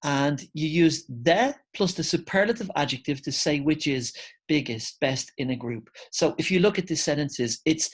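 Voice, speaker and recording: Male English teacher, online grammar lesson; relaxed, step-by-step explainer, friendly "guys" address. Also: fairly high pitch, moderate pace, slightly rough.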